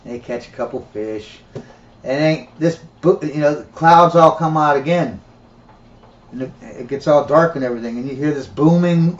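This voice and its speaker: A man's voice: mid-range voice, darkish tone. A man telling a comic sermon story in a rambling way, laughing often. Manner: rambling, laughing, filler-heavy. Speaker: preacher. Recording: dull, roomy recording.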